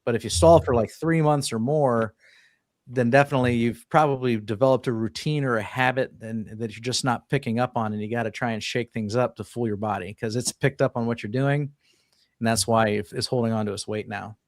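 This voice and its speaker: A man co-hosting a casual diet podcast, explaining things in a relaxed, conversational way with plenty of fillers. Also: medium pitch, brisk, no room sound, clean studio sound. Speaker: podcast co-host. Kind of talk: casual chat.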